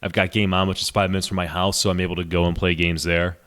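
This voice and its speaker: A man co-hosting a casual podcast, telling animated stories and laughing as he goes. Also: low voice, quick pace. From New York State. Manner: animated storyteller, laughs through his stories. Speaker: podcast co-host.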